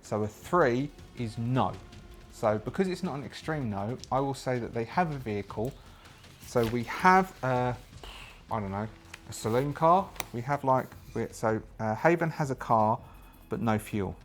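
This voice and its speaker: A man's voice: medium pitch, expressive, measured pace, soft background music. Man thinking aloud through a solo game. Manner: thinks aloud, hesitant, many restarts. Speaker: solo game player and narrator. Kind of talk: solo tabletop game narration.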